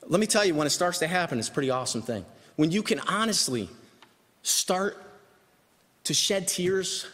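A man's voice: high voice, expressive, moderate pace, a bit bright. A man preaching a sermon as pastor, emphatic and repeating his key phrases. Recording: echoey hall reverb.

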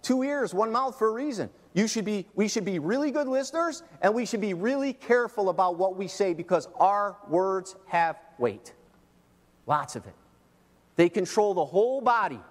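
A middle-aged man preaching a sermon as pastor, emphatic, swinging between loud and soft. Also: extremely high pitch, long reverb tail. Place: church.

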